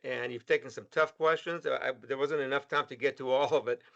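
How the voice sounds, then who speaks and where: A man's voice: medium pitch, steady tone, a little fast, creaky, bright, forceful tone. A male host wrapping up a panel discussion and thanking his guests, often stumbling and restarting words. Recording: dull lo-fi sound.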